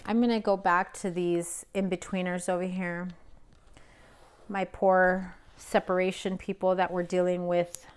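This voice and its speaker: A young woman with a slightly low voice talks straight to camera through a tarot reading. She is blunt and emphatic, chatty, leaning on fillers as she goes. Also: little pitch movement, measured pace, smooth. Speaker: tarot reader.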